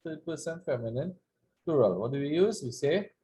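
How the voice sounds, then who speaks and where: A man's voice: a little high, expressive, normal speed, dark tone. A man teaching an Arabic lesson, explaining verb forms in English and having students repeat after him. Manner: patient, repeats words for students to echo. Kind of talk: classroom language lesson.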